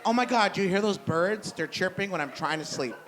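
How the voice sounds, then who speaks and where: A woman's voice: fairly low pitch, expressive, brisk, pitched above the performer's own voice, close to an everyday voice. A man voicing a fussy, whiny young woman roommate who complains about everything. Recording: noisy live room.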